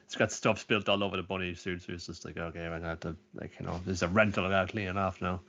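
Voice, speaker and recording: A man with a lowish voice chats on a podcast, rambling and slipping into put-on voices as he retells scenes. His sound is dull and lo-fi. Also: steady tone, very fast, fairly bright tone. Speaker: podcast co-host. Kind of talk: casual chat about anime.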